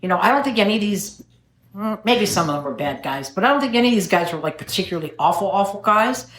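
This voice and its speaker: Joking wryly at her own expense, a middle-aged AA speaker recounts her recovery at a meeting. She talks quickly in a medium-pitched, fairly bright voice with lively intonation, recorded in an echoey meeting room.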